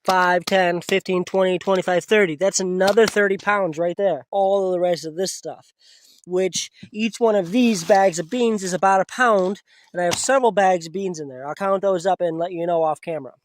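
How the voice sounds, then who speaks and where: A man vlogging at an outdoor camp in the woods, talking casually to the camera. He gets emotional and uses a soft voice with his pets. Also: high-pitched, normal speed, a little hiss or hum. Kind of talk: casual vlog talk to camera.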